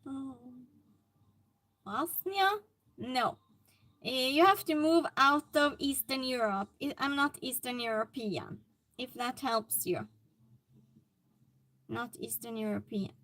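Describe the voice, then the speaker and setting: High-voiced, unhurried woman streamer. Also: expressive, fairly bright tone. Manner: chatty, reacting to chat comments aloud. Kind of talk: casual live-stream chat.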